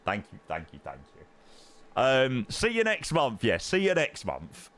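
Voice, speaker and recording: A man's voice: mid-range voice, huge pitch swings, a little slow, fairly bright tone. A young man hosting a flight simulator live stream, effusively thanking viewers by name in casual chat.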